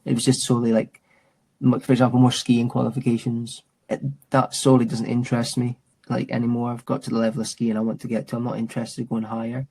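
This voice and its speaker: A quick, level mid-range voice, creaky, a little mellow, and slightly rough, belongs to a man in his thirties who teaches mountain and adventure training. In a casual, reflective interview he rambles with restarts and fillers, saying "mate" again and again.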